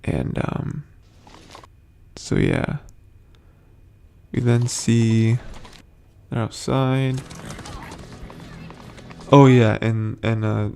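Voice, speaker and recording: A man's voice: medium pitch, fairly even intonation, extremely slow, gravelly, long pauses, warm tone, slight background noise. A man hosting a casual, rambling TV episode recap, full of hesitant fillers. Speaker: host.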